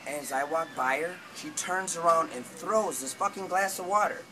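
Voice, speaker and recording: A man telling a long story in casual, rambling talk, with lots of swearing and animated retellings of what people said. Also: on the high side, normal speed, music in the background, poor audio.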